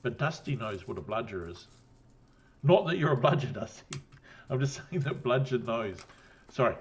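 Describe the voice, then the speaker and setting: A man's voice: medium pitch, animated, moderate pace, a little hiss or hum. A man with a New Zealand accent chatting casually on a stream, rambling, swearing and laughing often after a drink. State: had a drink. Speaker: guest on a livestream. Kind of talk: casual chat.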